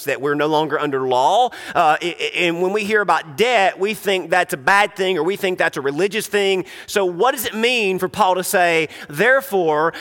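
A man preaches in a bright, forceful voice, leaning hard on key words and often starting his sentences over. His pitch sits a little high. The sound carries the long reverb of a hall. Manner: earnest, emphatic, with frequent restarts. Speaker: pastor. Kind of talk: sermon.

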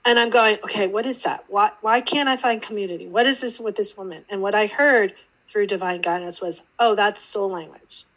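A brisk, mid-range female voice comes through on a low-quality recording. The speaker, an intuitive teacher on an interview podcast, recounts her story informally and with energy, voicing each character in the dialogue she quotes.

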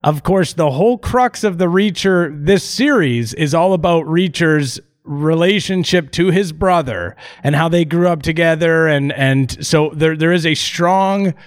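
A man's voice: on the high side, measured pace, hardly any pauses. A man co-hosting a podcast in casual chat, chatty and laughing often, with trailing restarts. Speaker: podcast co-host.

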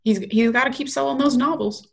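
A woman co-hosting a casual podcast chat over a video call, chatty and quick to laugh. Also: sits high, steady tone, creaky. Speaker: podcast co-host.

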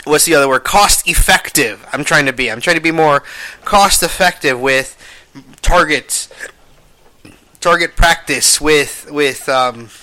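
A young man hosting a podcast, rambling casually and cursing a lot, swinging between low mumbles and loud exclamations. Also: a little slow. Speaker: podcast host.

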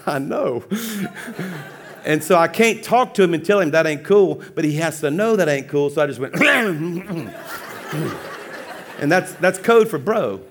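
Animated storytelling male pastor. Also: a little high, moderate pace. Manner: animated, humorous, acts out dialogue with laughs. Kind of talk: sermon storytelling.

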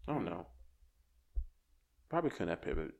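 Animated young man telling stories. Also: low voice, moderate pace, creaky. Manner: animated, rambling storyteller with restarts. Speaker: podcast guest. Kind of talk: casual chat.

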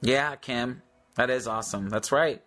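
A man's voice: medium pitch, measured pace, pushed and bright. A man ministering in prayer, sharing a testimony and making repeated healing declarations, with many fillers.

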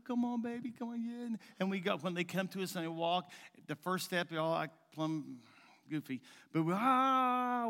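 A male pastor preaching in a folksy, rambling way, at times dropping to a soft coaxing tone. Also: fairly high pitch. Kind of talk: sermon. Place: church sanctuary. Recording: long hall reverb.

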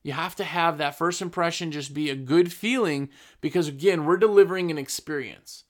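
A man with a slightly high voice who runs a trades business offers blunt, emphatic business advice in a casual talk, slowing down to stress his points.

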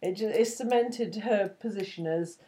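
A woman co-hosting a podcast in loose, casual chat. She is blunt and swears freely, breaking into laughter often, and her voice sits in an ordinary middle pitch. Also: normal speed, noisy background. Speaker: podcast co-host.

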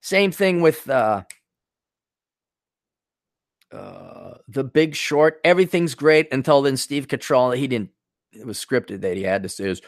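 A man's voice: medium pitch, big pitch swings, slow pace, no echo, clean studio sound. Profane, blunt man ranting on a podcast. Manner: loose, digressive, with frequent restarts. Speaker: podcast host. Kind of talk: solo podcast rant.

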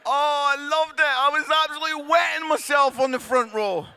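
Animated male storyteller, very high and bright voice, comic. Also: a little fast, slight background noise. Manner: animated, acts out characters, laughs along. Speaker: speaker telling stories.

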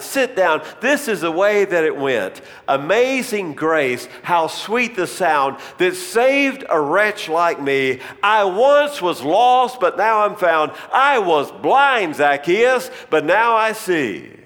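A man voicing a formerly blind man who tells his story in an impassioned way, crying out loudly, recorded in a reverberant hall. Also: high voice. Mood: exultant. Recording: long reverb in a large hall.

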